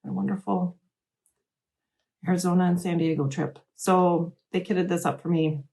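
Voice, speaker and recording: Chatty, rambling woman host, slightly low. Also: fairly even intonation, normal speed, gravelly, dark tone. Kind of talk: casual chat.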